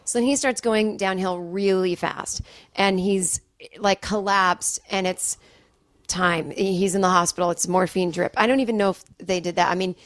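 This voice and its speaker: A woman in her forties from Massachusetts, a guest comedian telling stories in casual, animated podcast chat. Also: medium pitch, normal speed, dry recording. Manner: animated, chatty storytelling with many "like"s. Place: home studio.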